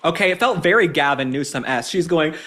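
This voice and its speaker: A man's voice: a little high, expressive, brisk, fairly bright tone. A young man hosting a political commentary show, ranting in a combative, mocking way with sarcastic asides. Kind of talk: opinionated commentary monologue.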